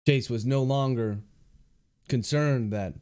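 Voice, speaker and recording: A man's voice: mid-range voice, takes it slowly, darkish tone, smooth. An author reading his novel aloud on a livestream, speaking each comma and period as he dictates. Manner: reads out punctuation marks word by word.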